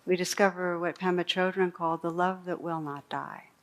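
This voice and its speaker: A woman meditation teacher giving a dharma talk, reading a true story aloud in a slow, gentle storytelling voice with soft pauses. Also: lowish voice, steady tone. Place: meditation hall.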